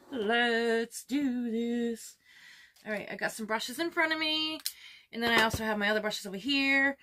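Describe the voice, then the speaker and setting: A slightly high-voiced woman in her fifties, a beauty vlogger, walks through a makeup tutorial at home in a casual, chatty way. She gets excited about the colors and at times lowers her voice to a soft whisper.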